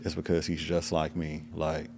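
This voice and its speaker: A man's voice: extremely low pitch, normal speed, vocal fry, a little hiss or hum. A man interviewing a guest in casual chat, telling stories animatedly and acting out what people said. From American South. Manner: animated storytelling, acts out quotes in a lively voice.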